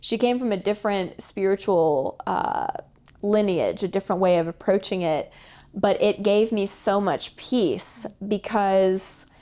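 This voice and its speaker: A woman's voice: mid-range voice, unhurried. Chatty woman on a podcast, lots of likes and ums, voices everyone she quotes. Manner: animated storyteller acting out quoted voices; chatty, with fillers like "like" and "um". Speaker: podcast guest. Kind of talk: casual storytelling.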